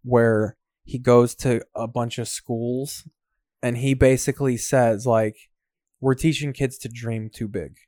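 A man's voice: mid-range voice, fairly even intonation, slow, a little mellow, no room sound, clean studio sound. A man in casual podcast chat, telling a rambling story and acting out the quotes.

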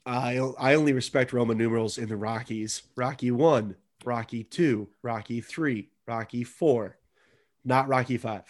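A man in casual podcast banter, mid-pitched and easygoing. He jokes sarcastically and swears freely while he talks sports with a friend. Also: unhurried. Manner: profane, sarcastic joking. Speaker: podcast co-host.

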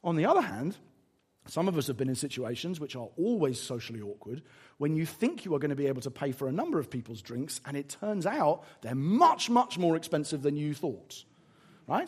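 A man's voice: a little high, breathy edge. A man with an English accent preaching a sermon, telling stories and acting out little asides. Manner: animated storytelling with acted-out asides.

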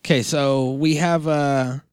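A man hosting a casual comedic chat, talking in a rambling, deadpan, joking way with lots of fillers. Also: on the high side, takes it slowly, clear, resonant tone, no echo, clean studio sound. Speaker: podcast host.

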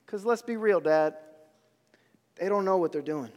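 A man's voice: high-pitched, moderate pace, long pauses, a little mellow, long reverb tail. A man preaching a sermon, with emphatic repetition and casual slang.

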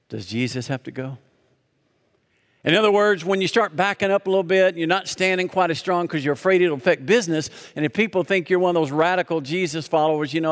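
A man preaches a sermon in a mid-range voice that sits in the middle for a man. He presses his points with rhetorical questions and slows right down for emphasis. His voice rings out with the long echo of a large sanctuary. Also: medium pitch. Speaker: pastor. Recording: reverberant hall.

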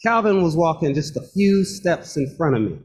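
A man telling a true personal story, expressive and wry, building suspense with pauses. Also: on the high side, breathy edge.

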